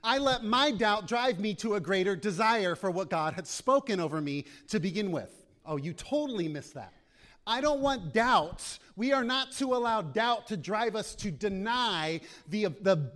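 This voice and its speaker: A man's voice: high-pitched, expressive, moderate pace, a bit bright. A man preaching a sermon with passion, acting out prayers aloud as he speaks. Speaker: pastor.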